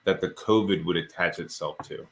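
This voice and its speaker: Deadpan man in his forties, lowish voice. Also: a little fast, a little hiss or hum. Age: 40s. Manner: deadpan joking, tall tales. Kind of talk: casual chat.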